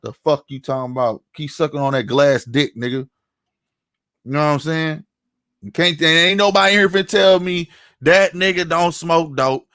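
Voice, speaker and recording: A man's voice: on the high side, normal speed, a bit bright, no room sound, studio quality. A man giving a heated commentary rant, angry and profane, often tossing in "you know what I'm saying". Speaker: online commentator.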